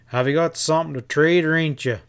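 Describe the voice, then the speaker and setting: A male narrator voicing Pat, a steady, level-headed cowboy gunman who talks firmly and tersely. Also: fairly high pitch, fairly quick, smooth, voice pushed up.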